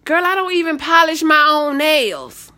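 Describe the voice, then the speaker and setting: Young woman streamer, animated and sassy, high voice swinging widely in pitch. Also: a little slow. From Southern United States. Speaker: live-stream host. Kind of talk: casual live-stream chat.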